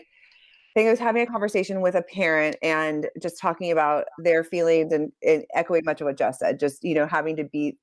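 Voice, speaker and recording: Earnest woman, low voice, dry sound. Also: a little mellow, no echo. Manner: earnest, heartfelt, thoughtful. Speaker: school staff member. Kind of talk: casual online community talk.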